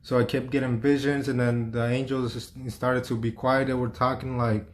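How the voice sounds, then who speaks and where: A man's voice: medium pitch, flat delivery, normal speed. A man telling a personal story in a loose, rambling way, full of fillers, restarts and swearing.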